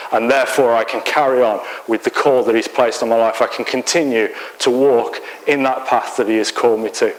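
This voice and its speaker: An English man gives a church sermon in a relaxed, storytelling way. He retells scripture in everyday words and slips in a light joke now and then. His voice sits at an ordinary, middle pitch for a man. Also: poor audio. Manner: conversational storytelling with light humor. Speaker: preacher.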